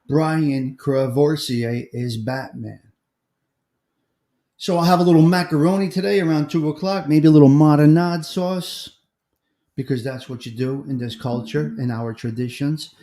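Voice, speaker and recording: A man's voice: fairly high pitch, a little slow, dark tone, roomy sound. A middle-aged American man, hosting a casual live-stream chat, greeting viewers by name and drifting from topic to topic. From United States. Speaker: livestream host.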